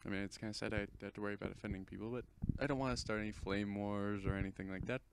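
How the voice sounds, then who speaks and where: Over a noisy background, a teen host rattles on very fast in a low voice with vocal fry and fairly even intonation. Commenting casually on an install in a screen recording, he's chatty, wanders off track and corrects himself.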